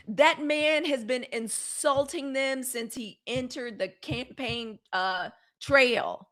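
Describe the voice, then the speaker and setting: Host: middle-aged woman, slightly higher voice, blunt and sarcastic live-stream commentary on the news. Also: slow, few pauses, fairly bright tone. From United States. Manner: blunt, fiery and sarcastic, with swearing and colloquial talk.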